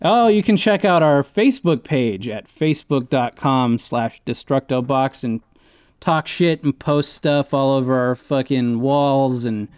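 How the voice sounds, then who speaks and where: A man's voice: mid-range voice, measured pace, a little mellow, clear, resonant tone, no echo, clean studio sound. A man co-hosting a casual podcast, rambling loosely and cursing freely as he reads out mail and plugs. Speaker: podcast co-host. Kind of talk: casual swearing podcast chat.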